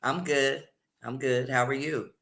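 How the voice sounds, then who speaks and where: A woman's voice: a bass voice, steady tone, a little slow, a bit bright. A woman co-hosting a casual livestream talk show, chatting cheerfully. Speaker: co-host.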